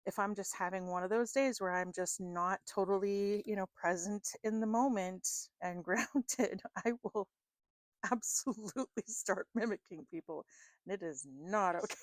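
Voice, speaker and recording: A woman's voice: medium pitch, dry recording, clean studio sound. A woman doing a tarot reading, rambling in a chatty, self-deprecating way with lots of fillers and laughs. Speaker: tarot card reader. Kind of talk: rambling casual monologue.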